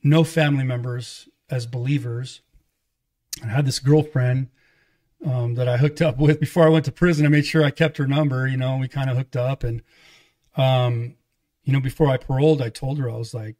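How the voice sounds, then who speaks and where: A podcast guest who works as an evangelist, this middle-aged man casually narrates his life, often replaying others' remarks as dialogue. His mid-range voice is dark and steady, moving at a moderate pace.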